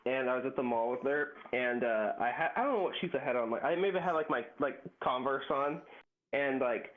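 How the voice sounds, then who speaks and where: A man's voice: mid-range voice, fairly quick. A man co-hosting a podcast in casual chat, talkative and full of restarts and fillers. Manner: chatty, restarts a lot, filler-heavy. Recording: roomy, dull, slightly noisy mic.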